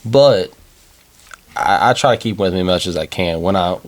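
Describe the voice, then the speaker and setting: A man's voice: low-pitched, normal speed. A man chatting on a podcast in a laid-back, folksy way, repeating his words as he talks. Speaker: guest. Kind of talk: casual podcast chat.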